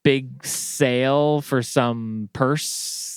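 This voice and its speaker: A man's voice: mid-range voice, fairly even intonation, drawn-out words, smooth, no echo, clean studio sound. A man guesting on a comedy podcast, telling a story in an easygoing way that halts and restarts often. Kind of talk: casual comedic banter.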